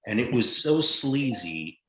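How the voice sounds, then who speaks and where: An older American man, a guest actor telling lively, blunt, profane stories from his career in a casual interview. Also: medium pitch, a little slow. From United States. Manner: animated anecdotal storyteller, blunt and profane. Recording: echoey room sound.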